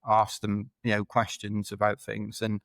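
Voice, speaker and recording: A man's voice: lowish voice, monotone, a little slow, fairly bright tone, no echo. A British man telling rambling, self-deprecating stories as a podcast guest in casual chat. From United Kingdom. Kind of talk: casual anecdotal storytelling.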